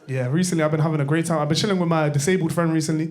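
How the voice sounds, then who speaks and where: A young comic on a club stage, rattling through his stories at a quick clip in a fairly high voice. His delivery is loose and slangy, full of self-mocking asides. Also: steady tone. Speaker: stand-up comedian. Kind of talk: stand-up comedy set.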